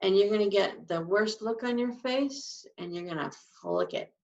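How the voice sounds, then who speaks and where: Here a woman speaks at normal speed in a medium-pitched, darkish, expressive voice while leading a live sign language lesson. She explains the signs and performs emotions vocally in a demonstrative way, recorded on a distant mic with dull, lo-fi quality.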